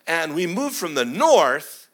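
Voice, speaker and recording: A middle-aged man, a guest preacher, giving an animated sermon full of stories and swings between booming and hushed delivery. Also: takes it slowly.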